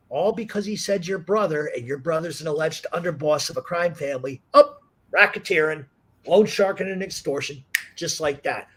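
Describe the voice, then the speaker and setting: A man's voice: a little high, moderate pace, husky. A man hosting a talk show, telling stories casually with lots of swearing. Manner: profane, animated storyteller. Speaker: podcast host. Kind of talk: casual storytelling chat.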